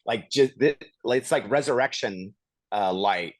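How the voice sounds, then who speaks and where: A man's voice: mid-range voice, normal speed, dry recording. A man hosting a podcast, telling a story casually and animatedly, chuckling and acting out quotes. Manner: animated retelling with laughs and acted-out quotes. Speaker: podcast host. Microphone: studio podcast mic.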